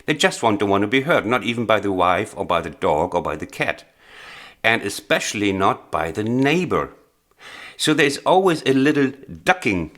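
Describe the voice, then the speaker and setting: A man teaching a blues piano lesson, explaining earnestly and with emphasis, pausing with small hesitations. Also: fairly low pitch, very animated, fairly bright tone. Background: faint piano playing.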